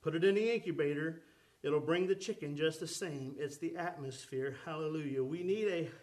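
A man's voice: on the high side, normal speed, darkish tone. A man preaching a sermon with fervor, calling out to the congregation for responses. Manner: fervent preaching with calls to the congregation.

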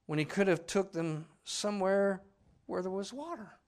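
A man preaching a sermon, swinging between loud cries and hushed lines and acting out the people in his story. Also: sits high, moderate pace, hardly any pauses. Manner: acts out voices of the people in the story.

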